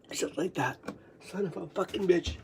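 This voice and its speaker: A vlogger talking in a loose, rambling monologue, swearing freely and sometimes dropping into soft whispers. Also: medium pitch, creaky, a little hiss or hum.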